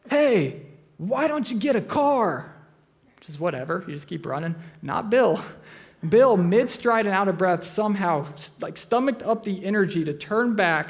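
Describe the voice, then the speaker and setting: A man preaching a sermon in a church, talking conversationally and joking with the congregation as he tells personal stories. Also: high voice. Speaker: pastor. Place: church auditorium.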